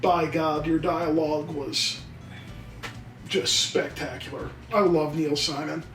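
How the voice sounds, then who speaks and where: A man's voice: a little high, steady tone, slow pace, a bit bright, reverberant, far from the mic, faint music behind, poor audio. A man co-hosting a casual gameplay video, joking and theatrical as he wanders off on tangents. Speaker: co-host of gaming channel. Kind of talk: casual let's play banter.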